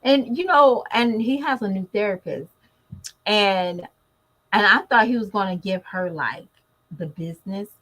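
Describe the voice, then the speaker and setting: A mother vlogger speaks straight to her viewers in a casual, animated chat to camera. Her mid-range voice keeps a measured pace, though the audio quality is poor.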